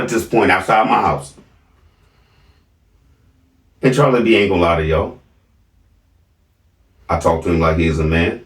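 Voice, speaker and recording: A man's voice: deep voice, measured pace, long pauses, distant mic, a faint crowd. A middle-aged man casually telling a family story to his viewers, emphatic and often asking "right?". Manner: emphatic, keeps checking in with "right?". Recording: roomy, from off the mic.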